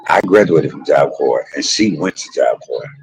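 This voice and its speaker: A man hosting his own show, telling a personal story in an animated, profane way and talking straight to his listeners. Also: very deep voice, moderate pace, creaky, slight background noise, rough recording. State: emotional, tearful at times. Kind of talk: candid storytelling monologue.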